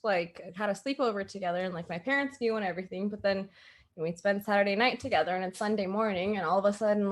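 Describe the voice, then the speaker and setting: This young Canadian woman speaks quickly at a medium pitch. She's the streamer's best friend, a guest chatting casually on a livestream, telling stories with animation and acting out the voices of the people she quotes.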